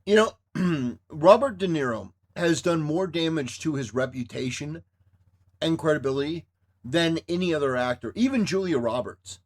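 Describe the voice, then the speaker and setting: High-voiced scornful man commenting. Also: lively intonation, moderate pace. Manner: scornful and sarcastic, insulting, mock cheering. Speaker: commentator reacting to clips. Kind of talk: mocking commentary.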